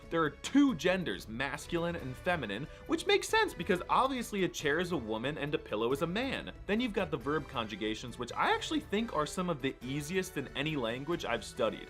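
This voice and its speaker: Sarcastic comic narrator, man, high and lively delivery over soft music. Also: fairly quick, few pauses. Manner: sarcastic, mock-serious delivery. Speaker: language review creator. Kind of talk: scripted comedic narration. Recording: played from a video with background music.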